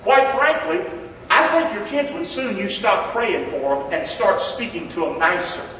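A man preaching a sermon in a church, folksy and joking, calling on the congregation to answer and slowing down hard on the words he stresses. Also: high voice, sing-song, bright, forceful tone, slight background noise. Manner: emphatic, slows down to stress key words. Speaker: pastor. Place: church sanctuary. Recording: echoey hall, distant dull mic.

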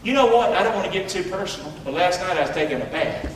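A man's voice: sits high, animated, fast, background noise. A man preaching a sermon with fervent, repetitive delivery and many questions to his listeners. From rural area. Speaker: pastor. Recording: echoey hall, voice from far off.

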